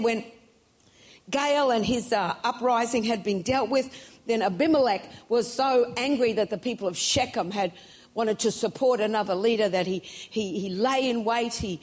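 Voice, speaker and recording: A woman preaching a sermon who moves from a steady retelling to loud cries of hallelujah, with many restarts and repeated words. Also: on the high side.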